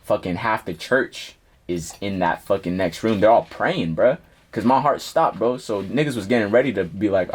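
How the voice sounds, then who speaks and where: A man's voice: on the low side, moderate pace, breathy edge. A young man, a rapper, telling a personal story in a casual interview, full of slang and swearing. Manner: slangy, profane, animated storytelling. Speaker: rapper guest.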